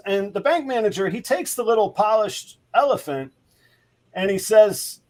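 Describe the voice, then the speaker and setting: A man hosting a live stream, telling a long rambling joke with lots of halting fillers. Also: sits high, lively intonation, a little mellow. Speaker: show host.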